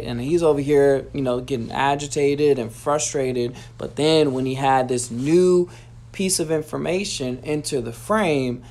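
A young man gives a loose, rambling motivational talk on sales, tossing "man" and "you know" into nearly every sentence. His voice is mid-range, creaky, and somewhat dark in tone.

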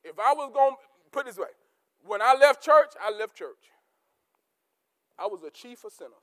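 A man preaching a sermon as pastor, repeating key words for emphasis and swinging between shouted peaks and low, quiet asides. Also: lively intonation, moderate pace. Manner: rising to shouts, then dropping to low asides.

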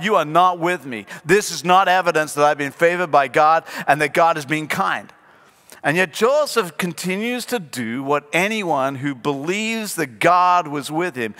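Lively high-voiced pastor in a large echoing hall. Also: male voice. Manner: animated storytelling, acting out biblical characters. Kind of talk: sermon to a live congregation. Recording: long hall reverb.

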